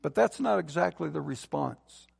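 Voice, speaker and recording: A man preaches a sermon in a high, gravelly voice, building to emphatic, forceful peaks before easing into soft, low phrase endings. His words carry a long reverb from a large church hall. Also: animated, normal speed. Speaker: pastor.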